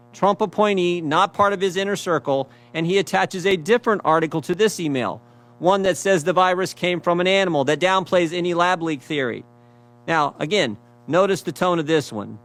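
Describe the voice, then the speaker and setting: A man's voice: high voice, fairly bright tone. A man giving a prepared speech, reading out quotes and stressing points with repeated phrases and rhetorical questions.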